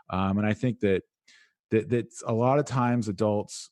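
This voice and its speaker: A man as an interview guest talking about teenagers, animated and conversational, peppered with "like" and "right?". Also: fairly low pitch, measured pace, dry recording, studio quality. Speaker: guest, education speaker. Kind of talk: interview answers.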